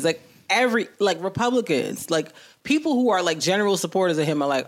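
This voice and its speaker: A woman co-hosting a casual podcast chat, animated and playful, breaking into high sing-song bits. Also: fast talker, few pauses. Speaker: podcast co-host.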